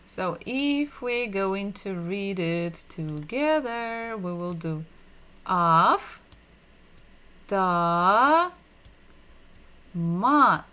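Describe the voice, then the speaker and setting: A woman's voice: medium pitch, fairly bright tone. A woman who speaks natively teaches a language lesson, patiently repeating sounds and asking learners questions. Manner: asks the audience questions.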